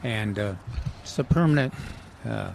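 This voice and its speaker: A man talks through garden advice in a gravelly voice, full of "uh"s and restarts. His casual radio chat is recorded outdoors at a nursery, with faint background noise. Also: on the low side, lively intonation, a little mellow. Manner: halting, many fillers and restarts. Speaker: gardening show co-host.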